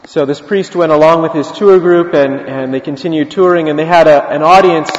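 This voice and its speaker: A man preaching a sermon in a church, his fairly high voice telling a story in a loose, conversational way. The sound is dull and muffled. Long reverb rolls through the large, echoing hall. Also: brisk, slight background noise.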